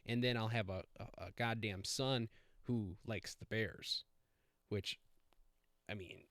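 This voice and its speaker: A man's voice: fairly low pitch, steady tone, takes it slowly, fairly bright tone, no room sound. A man hosting a casual solo podcast, rambling with many fillers and self-corrections. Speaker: podcast host.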